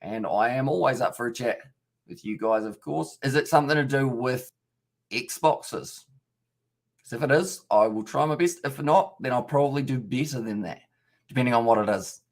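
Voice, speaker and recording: A man's voice: medium pitch, moderate pace. A man from New Zealand giving casual live-stream commentary on a rugby league match, chatting with viewers and reading out chat between plays.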